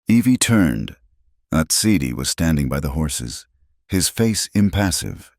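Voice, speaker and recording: Deep-voiced guy reading a western tale, dead dry sound, no room at all. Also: big pitch swings, a little slow, darkish tone, no echo. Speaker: narrator. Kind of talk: scripted narration.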